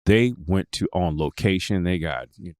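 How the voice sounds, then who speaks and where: A man co-hosting a hip hop podcast, telling animated asides in casual chat. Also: low voice, moderate pace, dry recording, clean studio sound. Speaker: podcast co-host.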